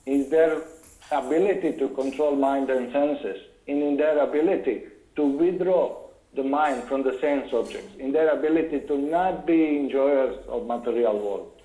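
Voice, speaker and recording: A man's voice: mid-range voice, warm tone, echoey room, rough recording. Man giving a scripture lecture. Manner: careful, explanatory, pauses to look up references. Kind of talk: scripture lecture with word-by-word explanation.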